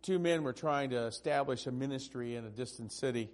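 A male pastor preaching a sermon, swinging from loud, emphatic peaks down to hushed, tender passages. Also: medium pitch, fairly quick.

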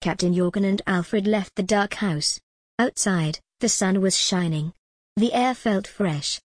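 Woman reading an easy storybook, mid pitch, dry close sound. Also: a little slow, husky, dry recording. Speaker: narrator. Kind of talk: scripted storybook narration.

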